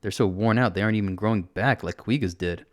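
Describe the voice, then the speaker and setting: A man reading a first-person fantasy story aloud in a steady, plain storytelling manner on a close mic. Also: fairly low pitch, quick pace, dry recording. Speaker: narrator.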